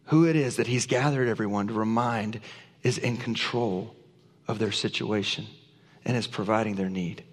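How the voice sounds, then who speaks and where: A man's voice: on the low side, moderate pace. A man preaching a sermon as pastor, reading scripture aloud and speaking with earnest emphasis. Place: church sanctuary. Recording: long church reverb.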